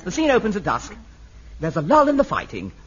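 A man's voice: high voice, huge pitch swings, a little fast. A man playing a fussy, theatrical director in a sitcom, coaxing and eager. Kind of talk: sitcom acting. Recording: dull lo-fi old TV sound.

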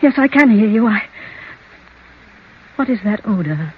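An actress playing a frightened, frail elderly widow with a breathy, trembling voice, in an old radio drama. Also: female voice, medium pitch, lively intonation, unhurried. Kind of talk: 1940s radio acting. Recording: dull lo-fi old radio recording.

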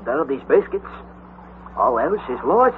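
An actor playing a loyal, deferential guide and servant in an old radio drama, speaking in a halting, formal way. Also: male voice, medium pitch, big pitch swings. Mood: humble. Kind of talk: 1940s radio acting. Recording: tinny, noisy old radio broadcast.

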